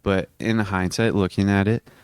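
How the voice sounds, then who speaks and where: A teenage boy vlogs about self-improvement in a deep, even, level voice that stays smooth and clear. He talks earnestly and rambles, restarting his sentences as he goes. The recording is close and dry, with no room sound. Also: normal speed, dry recording. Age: teens. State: hiccuping. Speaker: vlogger. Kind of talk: casual self-improvement vlog.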